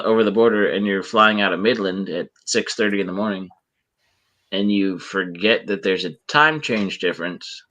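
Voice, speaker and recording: A man co-hosting a casual livestream chat, an animated and chatty storyteller. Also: on the low side.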